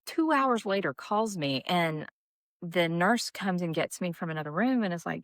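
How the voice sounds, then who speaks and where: A woman, a nurse practitioner co-hosting a podcast, telling a story with animated acted-out quotes. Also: moderate pace, dry recording. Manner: animated, acts out quotes with big pitch jumps. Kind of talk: casual storytelling chat.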